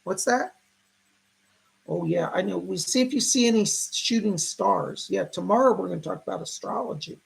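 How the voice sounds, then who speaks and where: A man in his fifties hosting a casual psychic livestream, chatting warmly with viewers and greeting them by name. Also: high voice, moderate pace, creaky, breathy edge. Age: 50s.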